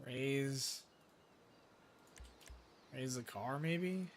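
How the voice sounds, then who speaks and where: A man's voice: medium pitch, very slow, a little hiss or hum. A man streaming a role-play game, talking to himself, swearing often and swinging between frustration and disbelief. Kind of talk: live game-stream commentary.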